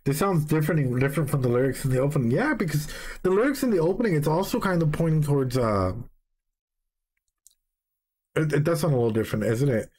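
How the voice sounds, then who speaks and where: A man streaming a live reaction, reading song lyrics aloud and excitedly greeting his chat. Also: on the high side, quick pace, husky. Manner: excitable, swears, greets chat members mid-sentence.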